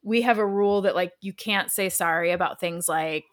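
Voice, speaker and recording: A woman's voice: lowish voice, moderate pace. A woman in casual conversation, telling a story with lots of filler words and self-deprecating laughs. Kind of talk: casual chat.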